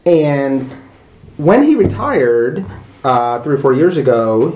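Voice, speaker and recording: A man's voice: medium pitch, sing-song, slow, a little mellow. A slightly intoxicated man in casual conversation, heated and profane, who keeps apologizing. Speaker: guest. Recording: roomy echo.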